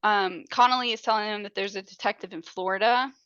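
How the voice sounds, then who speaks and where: A woman's voice: medium pitch, quick pace, a bit bright, smooth, no echo, lo-fi sound. A woman podcast host casually recapping a crime movie in a chatty, profane way.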